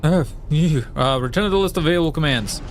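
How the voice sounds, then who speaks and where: Talking fast in a voice on the high side, a man streams a let's play, reading the game's text and offering offhand commentary. He rambles with frequent fillers and restarts, tries goofy accents, and laughs at how badly they go. A little hiss or hum is audible.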